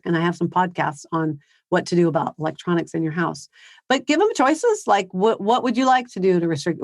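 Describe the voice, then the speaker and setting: A woman presenting a parenting seminar to parents in a conversational way, acting out soft, empathetic phrases as examples. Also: fairly low pitch, no room sound, clean studio sound. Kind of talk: live seminar talk to parents. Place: high school seminar.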